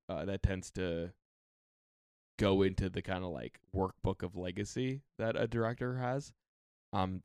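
A man's voice: lowish voice, smooth, no room sound. A man co-hosting a casual podcast at a studio mic, rambling loosely with many fillers. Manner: rambling, filler-heavy, relaxed. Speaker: podcast co-host. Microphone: studio microphone.

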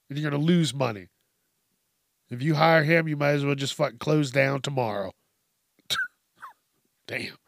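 A man's voice: a little high, vocal fry, dry recording, clean studio sound. A man hosting a casual news commentary show, swearing constantly and laughing at his own stories.

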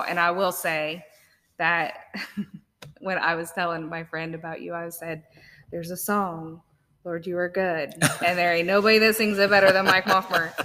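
A woman with a bright, forward tone hosts a casual faith podcast, keeping her pitch fairly level. She affirms her guest often and pauses on small fillers. Her voice rings out with a long reverb from the room. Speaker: podcast host.

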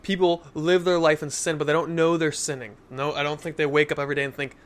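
A man's voice: on the high side, flat delivery, fast. A young man in casual Christian podcast talk, earnest and telling stories to make his point. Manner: earnest, storytelling with acted quotes.

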